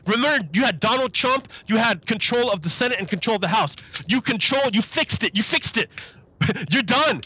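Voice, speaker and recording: A man's voice: very high-pitched, expressive, normal speed, sharp tone, husky, no echo, highs cut off. A man live-streaming commentary on a political interview, exasperated and repeating his questions over the clip.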